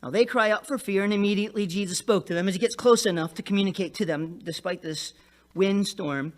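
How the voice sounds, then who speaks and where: A male pastor preaching a sermon, telling the story in an animated, joking way with frequent asides to the listeners. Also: high-pitched, a little fast.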